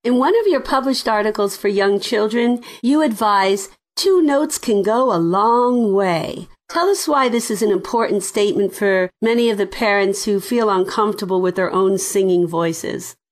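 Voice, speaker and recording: A woman interviewer with a middle-pitched voice. She asks formal, measured questions.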